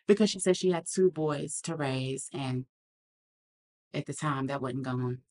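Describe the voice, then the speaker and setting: Low-voiced woman telling a personal story. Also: a little slow, darkish tone. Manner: earnest, reflective, acts out quoted lines. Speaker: podcast guest.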